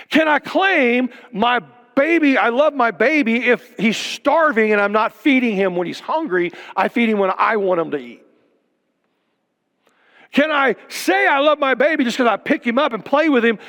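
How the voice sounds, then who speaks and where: Emphatic older preacher, high voice in a hall. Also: male voice. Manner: emphatic preaching with rhetorical questions and sudden drops to a hush. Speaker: pastor. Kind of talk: sermon.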